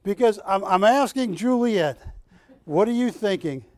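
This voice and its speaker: Speaking a little slowly in a high voice, a man hosts a live art sale on a shopping channel, with no room sound in the recording. His manner is playful and animated, full of chatter and teasing aimed at his co-hosts.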